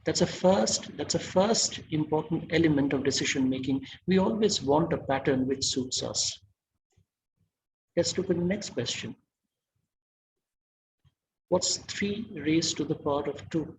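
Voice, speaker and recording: A man's voice: on the high side, lively intonation, a little slow, vocal fry, long pauses, slight background noise, poor audio. Man lecturing an online masterclass. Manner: engaging, quizzes audience, warm praise.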